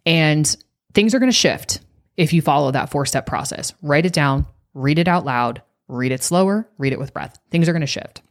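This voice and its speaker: Low-voiced woman coach telling a story. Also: moderate pace. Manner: animated, acts out quoted voices. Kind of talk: podcast storytelling.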